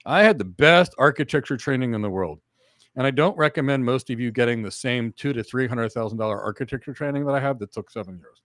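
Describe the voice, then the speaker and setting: A middle-aged man hosts a career Q&A in a mid-pitched voice. He fires off rhetorical questions and analogies, leaning hard on key words. The sound is dry, with no room echo. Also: animated, fast talker. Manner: emphatic, swings up and down in pitch and loudness; teaches through analogies and examples. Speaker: host answering career questions.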